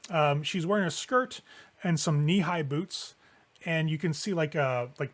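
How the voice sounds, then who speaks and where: A man's voice: on the high side, fairly bright tone. A man narrating as game master in a tabletop game, setting scenes casually with lots of fillers.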